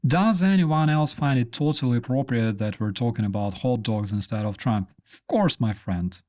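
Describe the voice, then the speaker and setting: A man's voice: mid-range voice, moderate pace, darkish tone. A man hosting a live stream, rambling casually with many fillers and restarts.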